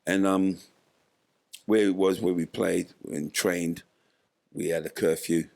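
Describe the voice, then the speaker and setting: Casting: older man, very low gravelly voice, animated storyteller who plays out the dialogue himself. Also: takes it slowly. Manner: animated retelling, acts out quoted dialogue. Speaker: interview guest, former footballer. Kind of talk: storytelling in a podcast interview.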